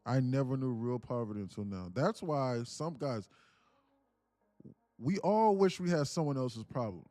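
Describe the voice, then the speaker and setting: A man's voice: mid-range voice, unhurried, pauses often, faint music behind. A man hosting a live day-trading stream, chatting casually with viewers, joking and swearing freely. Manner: profane, joking, laughs often, lively delivery. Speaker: livestream day trading host. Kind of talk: casual livestream chat.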